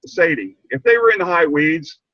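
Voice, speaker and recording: An older man taking part in a training shares a heartfelt story of his own over video, tripping over words, repeating himself, and choking up. He speaks at normal speed in a slightly high, animated voice, and the recording is dry and lo-fi.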